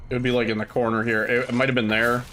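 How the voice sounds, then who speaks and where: A man's voice: medium pitch, flat delivery, quick pace, noisy background. A man streaming a horror game and chatting casually, joking and thinking aloud as he plays. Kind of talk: casual gameplay commentary.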